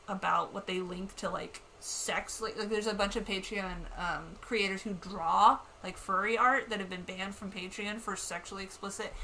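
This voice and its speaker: A woman streams a game from home in casual, candid chat, swearing freely and reading in-game text aloud. Her voice is bright and forward, at a middling pitch. Faint noise sits behind her. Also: low-quality recording.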